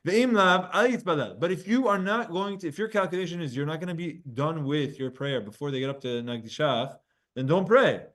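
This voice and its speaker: High-voiced man teaching a Talmud class. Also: lively intonation, a bit bright. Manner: explains texts, reading Hebrew and Aramaic aloud and translating with quick asides; speaks directly to students by name.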